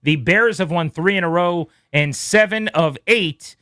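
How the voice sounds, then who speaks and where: A man hosting a sports radio show, rattling off quick game recaps with playful asides. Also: high-pitched, sharp tone, no echo, studio quality. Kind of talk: brisk scores recap.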